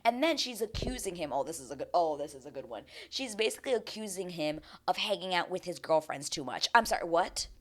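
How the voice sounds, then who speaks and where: A fed-up woman hosts a reality TV recap, ranting in loose, casual commentary and swearing without a second thought. Her voice sits a little low for a woman. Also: animated, quick pace, few pauses. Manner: exasperated, ranting, swears freely.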